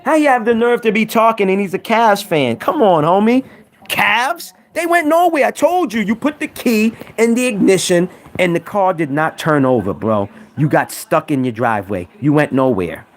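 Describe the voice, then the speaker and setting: A man's voice: high-pitched, animated, normal speed. A man trash-talking rival sports fans on a live stream, teasing and repeating himself for emphasis. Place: home room.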